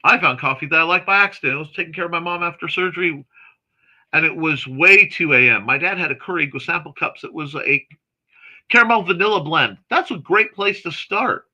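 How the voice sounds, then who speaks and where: A man hosting a morning livestream, chatting casually and reading viewer comments aloud in a chatty, excitable way with snarky asides. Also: fairly high pitch, fairly quick, dull audio. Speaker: host of a morning livestream chat show.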